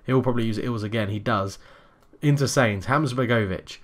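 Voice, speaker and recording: Male gamer, mid-pitched, excitable play-by-play commentary with sudden shouts. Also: a little fast. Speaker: gaming YouTuber.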